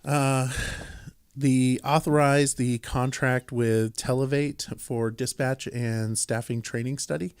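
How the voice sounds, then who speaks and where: A man's voice: medium pitch, fairly even intonation, slow, a little mellow, smooth, no room sound. A man co-hosting a podcast, talking casually through council business with many fillers and restarts and a dry sense of humor. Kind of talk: casual chat, reading a council resolution aloud.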